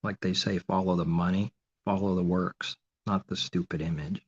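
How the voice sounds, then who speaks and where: A man's voice: low voice, little pitch movement, normal speed, slightly rough. A man delivering an informal sermon, asking and answering his own rhetorical questions, often with mocking sarcasm. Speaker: preacher. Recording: dull lo-fi recording.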